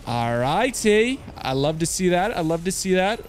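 A man hosting his own channel, commenting excitedly to viewers with slang, swearing and loud outbursts. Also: high-pitched, normal speed, faint music behind. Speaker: slots streamer host.

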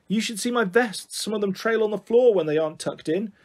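A man's voice: sits high, fairly quick, a little mellow, pitched above the performer's own voice. A man voicing a big, cheeky, confident schoolgirl witch in a storybook reading, in a raised voice. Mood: rueful. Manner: confident, mischievous.

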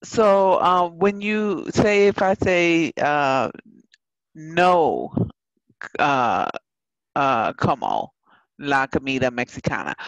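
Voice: medium pitch, no echo, highs cut off. A student hesitantly asking a grammar question in a tutoring class, with many filler sounds.

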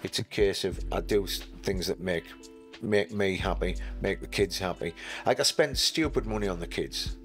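A middle-aged man talks in a fairly low voice, chatty and self-mocking, often jumping up in animated bursts. Faint music plays softly under him. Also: moderate pace. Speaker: interview guest. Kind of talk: casual storytelling.

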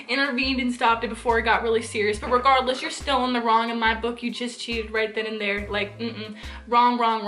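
A woman's voice: fairly high pitch, bright, forceful tone. A young woman giving her opinions in a casual commentary vlog, chatty and full of fillers. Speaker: vlogger.

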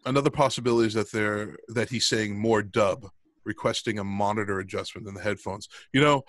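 A man's voice: on the low side, fairly bright tone, no room sound. A middle-aged man co-hosting a podcast in casual chat, rambling with lots of ums and restarts. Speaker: podcast co-host.

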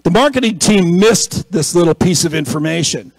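A man's voice: a little high, animated, normal speed, no room sound, rough recording. A man preaching a conversational sermon, telling a story and acting out the people in it, then building to an emphatic exhortation. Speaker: pastor.

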